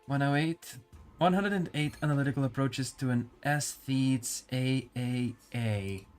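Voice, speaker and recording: A man's voice: mid-range voice, a little mellow. A male streamer reading game dialogue and narration aloud, musing and stumbling over hard words.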